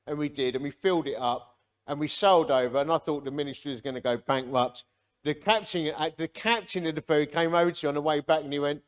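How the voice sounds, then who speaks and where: A man's voice: a little high, fast talker. A man from the Romford area, a ministry leader giving a humorous, chatty preaching testimony. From Romford area, England. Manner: chatty, animated storyteller.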